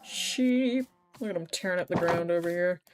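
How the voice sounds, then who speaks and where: A woman's voice: lowish voice, normal speed, darkish tone, faint music behind. A young woman chatting casually while she plays a game on a live stream, telling stories animatedly and swearing now and then.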